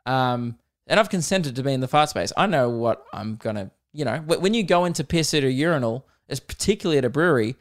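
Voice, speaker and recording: A man's voice: mid-range voice, expressive, quick pace. Rambling, crude young man. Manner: rambling, crude and self-mocking. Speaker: podcast host. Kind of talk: casual solo podcast storytelling.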